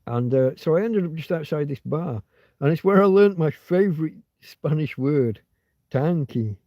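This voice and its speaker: A man's voice: on the high side, lively intonation, moderate pace, no room sound. A man hosting a casual livestream, rambling and digressing as he chats. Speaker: livestream host. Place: outdoors in a field. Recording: dull lo-fi dry sound.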